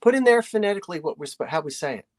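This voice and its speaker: Racing along in an animated, lowish voice, a woman hosts an online antiques auction from her home living room. Her live sale patter is chatty and folksy, and she trails off and restarts while describing items.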